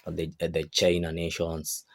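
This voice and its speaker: Male host, very deep and flat, halting with fillers. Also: vocal fry, dry recording, studio quality. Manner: hesitant, many fillers. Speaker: host of reaction channel. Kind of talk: casual reaction-video intro.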